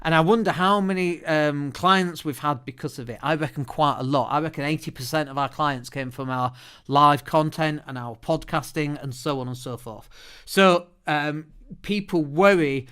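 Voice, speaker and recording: British male podcast host, fairly high, smooth resonant voice, lively chatty delivery, studio mic. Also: normal speed. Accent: British English. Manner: chatty, lively, often restarts words. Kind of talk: solo podcast monologue. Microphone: studio microphone.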